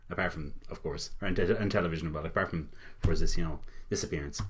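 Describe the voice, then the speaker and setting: Deep husky Irish young man. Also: fast. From Ireland. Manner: rambling, laughs often, swears casually. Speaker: reaction video host. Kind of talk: casual reaction commentary.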